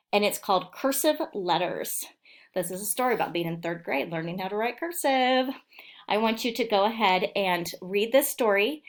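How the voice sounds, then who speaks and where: A woman teacher giving a recorded phonics lesson to young children, sounding out words slowly and clearly. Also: mid-range voice. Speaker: elementary school teacher.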